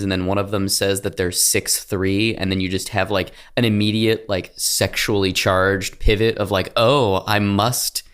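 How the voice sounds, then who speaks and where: A man's voice: lowish voice, smooth. A man co-hosting a podcast, joking playfully in casual chat. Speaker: podcast co-host.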